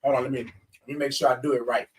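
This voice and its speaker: This morning livestream host has a mid-range voice, a level tone and a fast way of talking. The mic is distant and picks up a little hiss or hum. He calls his viewers y'all and baby and stretches out his good mornings in song as he greets them.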